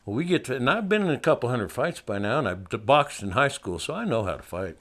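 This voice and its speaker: A man's voice: medium pitch, big pitch swings, quick pace, fairly bright tone. An older man from Montana telling a personal story in a folksy, wry way, laughing at himself.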